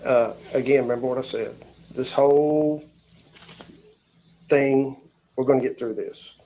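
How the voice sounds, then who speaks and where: A man with a Southern US accent, a police officer questioning a suspect in a calm, reassuring, repetitive way. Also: mid-range voice, measured pace, low-quality recording. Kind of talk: calm interrogation.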